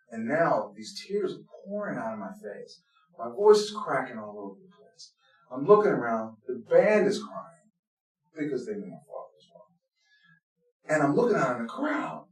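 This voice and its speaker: A man in a recorded interview, telling his stories earnestly and from the heart. His voice sits at an ordinary middle pitch and moves between hushed moments and loud ones. He is heard from some distance in an echoing room. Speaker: blues band leader, interview guest. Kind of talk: personal storytelling in an interview. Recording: roomy, distant from the mic.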